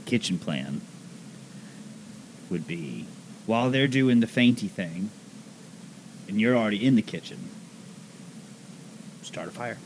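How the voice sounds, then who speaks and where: A man's voice: on the low side, expressive, slow, pauses often, a little hiss or hum, poor audio. A man playing a tabletop role-playing game, joking around with his group and laughing often. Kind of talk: casual tabletop game chat.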